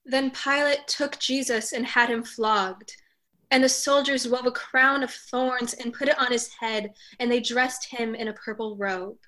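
Woman narrating scripture, bright forceful voice, clear and measured. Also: fairly high pitch, fairly even intonation.

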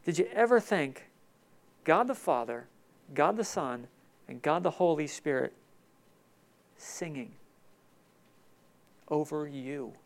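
Emotional high-pitched gravelly preacher man. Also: lively intonation, slow, long pauses. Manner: emotional, swings between loud emphatic and soft hushed. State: tearful. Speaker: pastor. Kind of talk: sermon.

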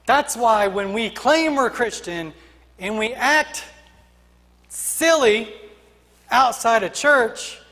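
A man's voice: very high voice, expressive, slow pace, long pauses, sharp tone, long reverb tail. A man preaching a sermon as pastor, emphatic and rhythmic, building his points through repeated refrains.

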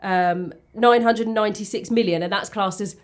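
A woman's voice: mid-range voice, fairly even intonation, normal speed. A woman in a casual podcast chat, talking bluntly with many ums and restarts. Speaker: podcast co-host.

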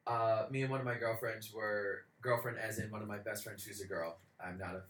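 A man's voice: lowish voice, fairly even intonation, fairly quick, a bit bright, far from the mic. A man co-hosting a podcast in casual chat, chatty and laughing often. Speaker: podcast co-host. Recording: echoey room, a bit off the mic.

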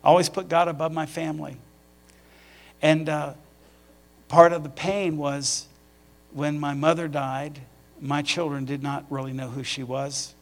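A middle-aged man, a pastor, preaching a sermon through personal storytelling that rises to animated emphasis. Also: a little high, a little slow, pauses often.

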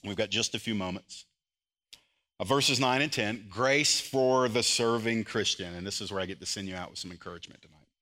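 A man preaching a sermon as pastor, moving between loud, impassioned emphasis and quiet, earnest intensity. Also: fairly low pitch, brisk.

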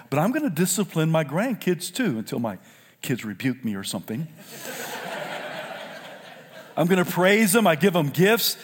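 An older man from South Carolina preaching a sermon, swinging from loud shouted lines to low, quiet asides. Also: very animated, a little slow, long pauses, long reverb tail, slight background noise. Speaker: pastor.

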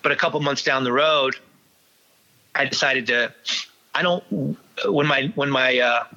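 As an interview guest, a man tells candid stories about his own past, halting often and restarting sentences amid many fillers. His bright, forceful voice is mid-pitched for a man, and the audio is dull and lo-fi.

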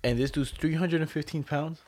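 Husky young man telling wild stories. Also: fairly quick. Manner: animated, swearing, jumps way up in pitch when quoting people. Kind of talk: casual storytelling chat.

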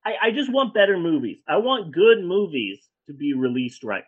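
A woman on a casual podcast goes on an angry, profane rant, her pitch leaping up and down all the way. She sounds heated and exasperated. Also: big pitch swings, normal speed, husky, narrow, tinny audio. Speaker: podcast co-host.

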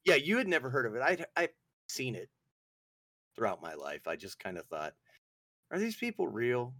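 Southern male co-host, animated comic storyteller, dry sound. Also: mid-range voice, moderate pace, dry recording. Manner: animated, jokey, acts out voices. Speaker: podcast co-host. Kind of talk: casual comedic chat.

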